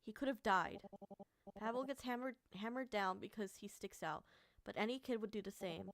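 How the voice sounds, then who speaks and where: A woman reads a story game aloud for her stream, her voice mid-pitched and dry in the mic with no room around it. She moves between narrating scenes and reacting out loud with strong feeling, swearing now and then. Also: moderate pace, no echo. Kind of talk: reading a visual novel aloud with commentary.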